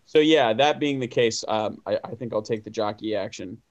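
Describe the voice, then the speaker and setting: A man's voice: lowish voice, normal speed, highs cut off. A man playing a tabletop game, talking casually and hesitantly with many restarts. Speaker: player.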